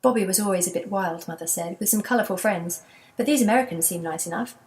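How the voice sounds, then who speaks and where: A woman voicing a wistful elderly grandmother in a children's storybook, soft and reminiscing. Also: mid-range voice, quick pace, natural voice.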